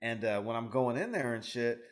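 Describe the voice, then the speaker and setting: A man's voice: medium pitch, animated, normal speed. A male podcast co-host with a mid-range voice who trades crude jokes. He banters loosely and then settles into long, casual stories. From Fresno, California. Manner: joking, profane banter. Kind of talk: casual chat.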